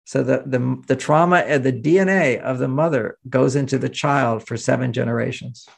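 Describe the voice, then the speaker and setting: Man from the US, gravelly tone, middle pitch, animated interview talk. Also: moderate pace. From United States. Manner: animated, acts out quoted voices, chuckles. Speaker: relationship author and interview guest. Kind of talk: conversational interview explanation.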